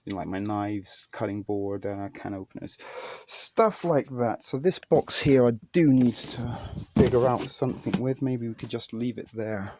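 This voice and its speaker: Brief: male vlogger, mid-pitched, loose and rambling home-tour delivery, swears a little. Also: normal speed, noisy background. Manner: rambling, off-the-cuff, fond of mild swearing. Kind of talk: casual vlog narration. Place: small indoor home space.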